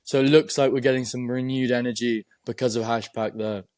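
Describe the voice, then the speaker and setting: Man, co-host, mid-pitched, unhurried, lots of you-knows, dry sound. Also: steady tone, a little mellow, no room sound. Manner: measured, many fillers like "you know". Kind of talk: casual crypto news chat.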